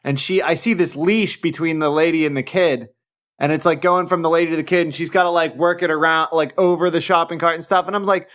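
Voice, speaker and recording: A young adult man hosting a podcast, telling a story in a casual, animated way with plenty of swearing and laughter. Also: a little high, a little fast. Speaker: podcast host.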